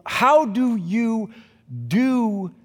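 A male pastor preaching a conversational sermon at a church service, swinging between loud emphasis and quiet asides to the congregation. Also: extremely high pitch, drawn-out words, long reverb tail.

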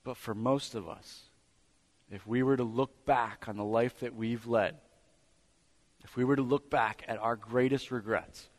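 A man preaching a sermon as pastor, building emphasis through repetition. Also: mid-range voice.

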